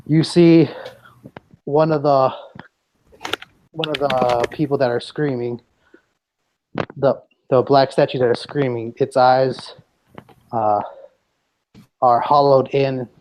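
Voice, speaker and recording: A man's voice: mid-range voice, steady tone, slow, pauses often, a little mellow, a little hiss or hum, poor audio. A man narrating a tabletop game as game master, describing scenes with frequent restarts.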